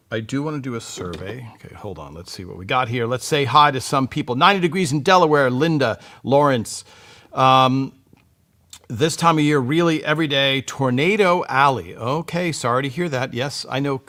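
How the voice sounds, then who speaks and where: Male live-stream host, mid pitch, chatty and meandering, talks into a desk mic. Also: pushed and bright. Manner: rambling, chatty, many fillers and restarts. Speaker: livestream host. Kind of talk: casual live-stream chat.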